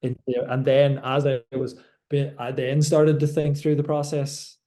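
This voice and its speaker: Young man with a dark, flat voice. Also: mid-range voice, a little slow. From Ireland. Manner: reflective, many restarts and repeated words. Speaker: doctor and Olympic rower. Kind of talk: conversational interview.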